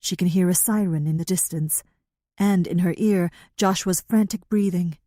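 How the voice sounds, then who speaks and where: This is scripted audiobook narration of a novel, delivered by a woman with a fairly low-pitched voice in a steady, measured manner. The studio-quality recording has no echo.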